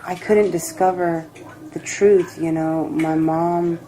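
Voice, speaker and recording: A woman giving a personal tarot reading, reflective and emotional, rambling with pauses. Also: lowish voice, steady tone, background noise. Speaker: tarot reader.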